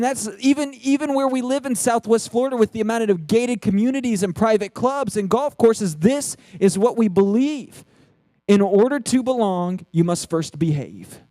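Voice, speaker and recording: A man preaching a sermon in a church, earnest and animated, often restarting his sentences. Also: high-pitched, no room sound.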